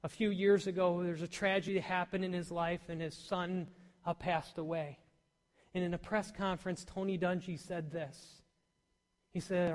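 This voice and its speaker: A male pastor preaching a sermon in a church, swinging between loud emphatic peaks and soft near-whispers. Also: high-pitched, level tone, moderate pace. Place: church hall. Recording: long hall reverb.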